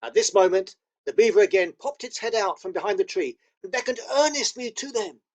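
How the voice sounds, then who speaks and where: A man narrating a children's novel aloud with expressive storytelling. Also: sits high, brisk. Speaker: audiobook narrator.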